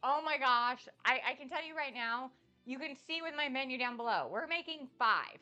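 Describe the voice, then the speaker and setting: A woman cooking on a live stream, chatting in an excitable, bubbly way with a slight lisp. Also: high voice, normal speed, muffled recording, faint music behind. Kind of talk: casual live-stream chat.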